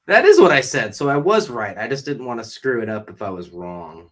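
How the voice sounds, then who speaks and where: A man's voice: medium pitch, big pitch swings, fairly quick, fairly bright tone. A young man from the Boston area hosting a podcast, chatting casually with a guest, joking and rambling and swearing freely. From Boston area, New England. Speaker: podcast host. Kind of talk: casual chat interview.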